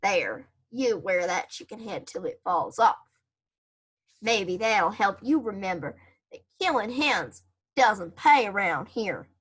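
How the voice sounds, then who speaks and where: A woman voicing a stern grown man scolding a dog, in a lowered, gruff voice. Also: expressive, takes it slowly, fairly bright tone, exaggerated voice, rough recording.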